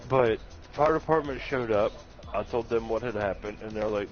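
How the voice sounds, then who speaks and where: Man, low voice, self-mocking storyteller who laughs at his own pain, muffled lo-fi stream audio, faint music underneath. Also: normal speed. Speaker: live stream chat participant. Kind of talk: casual storytelling chat.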